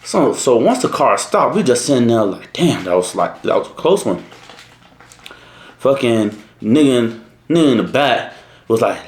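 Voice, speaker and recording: A young man in college tells a slangy, profane story in a casual, animated way. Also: medium pitch, normal speed, roomy sound. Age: young adult.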